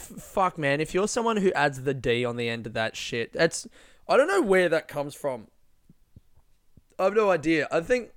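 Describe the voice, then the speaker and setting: A man's voice: fairly high pitch, no room sound, clean studio sound. A young Australian man, a stand-up comedian, rambling through a profane, self-mocking casual monologue.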